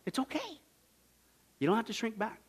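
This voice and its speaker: A man with a very high voice preaches a sermon and tells jokes along the way. He is animated and moves from loud bursts to hushed, quiet lines. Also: a little fast, slightly rough. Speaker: pastor.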